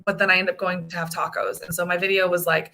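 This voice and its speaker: A woman from the United States, in her thirties, chatting casually as a vlogger and telling stories with lively acted-out quotes. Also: fast talker. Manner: animated storyteller, acts out quotes in a high voice. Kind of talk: casual chat.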